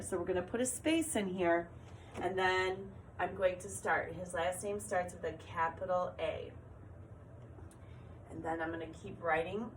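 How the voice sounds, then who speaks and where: A woman teacher giving a recorded lesson to young children, talking slowly and clearly as she writes and encourages them. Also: lowish voice, a little hiss or hum. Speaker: kindergarten teacher.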